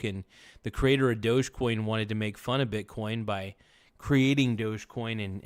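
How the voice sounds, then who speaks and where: A man hosting a casual livestream, rambling and joking with viewers in chat. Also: lowish voice. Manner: rambling, jokey, chants silly phrases. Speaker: livestream host.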